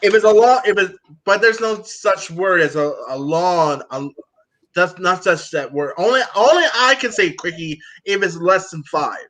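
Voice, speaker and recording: A man's voice: high voice, normal speed, fairly bright tone. A young man co-hosting a casual chat, often stumbling and repeating his words. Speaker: co-host.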